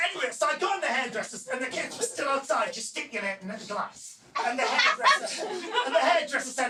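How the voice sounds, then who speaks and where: Lively man doing stand-up. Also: very high-pitched, moderate pace, very noisy. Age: 40s. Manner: animated, punchy delivery that often rises to a shout. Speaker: stand-up comedian. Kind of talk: stand-up comedy set. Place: comedy club stage before a live audience. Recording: echoey club room miked from a distance, loud crowd laughter.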